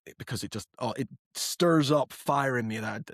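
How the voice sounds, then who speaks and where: A man's voice: medium pitch, moderate pace, no room sound, clean studio sound. A man with an East Coast Scottish accent hosting a podcast interview, chatting in a friendly, rambling way with restarts. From Scotland. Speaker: podcast host. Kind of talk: casual interview chat.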